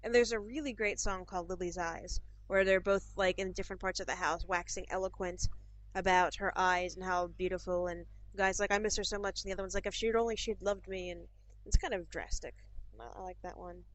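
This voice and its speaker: A woman's voice: on the low side, steady tone, fairly quick. Chatty woman on a lo-fi podcast. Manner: chatty, rambling, with many fillers. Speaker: podcast co-host. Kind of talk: casual chat. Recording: dull lo-fi podcast recording.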